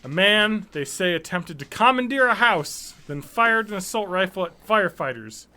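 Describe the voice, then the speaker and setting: Sardonic high-voiced man hosting a podcast. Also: lively intonation, moderate pace, pushed and bright. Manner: sardonic, reads news stories aloud with jokes. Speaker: podcast co-host. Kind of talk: casual podcast chat.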